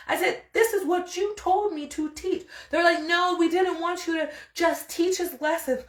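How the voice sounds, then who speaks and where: A young woman hosting a podcast, telling a story in a casual, animated and exasperated way and quoting the people involved. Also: sits high, roomy sound. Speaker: podcast host.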